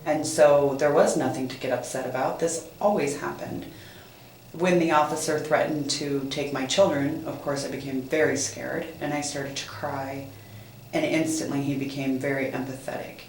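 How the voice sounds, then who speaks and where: A woman being interviewed as a mother, giving a halting personal account with many pauses and fillers. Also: extremely low pitch, fairly even intonation, darkish tone, roomy sound, a little hiss or hum, poor audio.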